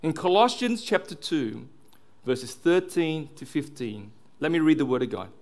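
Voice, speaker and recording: Man, pastor, sermon, slightly high voice, earnest, drops soft on key words. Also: animated, normal speed.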